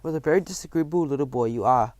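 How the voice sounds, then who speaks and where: A man reading a storybook aloud, voicing a calm, determined old grandmother who speaks firmly and properly. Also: medium pitch, quick pace, dry recording, natural voice.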